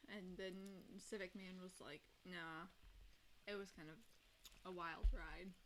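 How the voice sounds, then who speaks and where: A young woman chatting playfully and telling a lively little story. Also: on the low side, normal speed, a little hiss or hum, poor audio. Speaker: host's friend bringing food. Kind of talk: casual chat.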